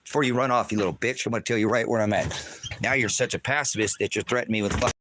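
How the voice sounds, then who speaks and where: A man ranting angrily on a livestream from outdoors at a rural homestead, taunting and cursing, often shouting. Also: fairly low pitch, fairly even intonation, rapid-fire, a little hiss or hum. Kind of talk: angry livestream rant.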